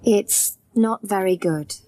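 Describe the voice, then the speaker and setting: A woman's voice: medium pitch, takes it slowly, mellow, natural voice. A woman voicing a firm, curt male hospital doctor in a graded reader audiobook.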